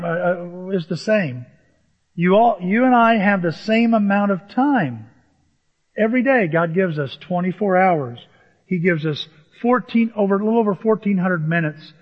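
A man preaching a sermon as pastor, conversational and humorous, rising to emphatic peaks. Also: sits high. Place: church. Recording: dull sound with long church reverb.

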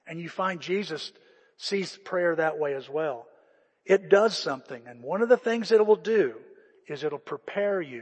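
A man preaching a conversational, self-deprecating sermon as a pastor, with an animated, storytelling manner. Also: sits high, breathy edge, long reverb tail.

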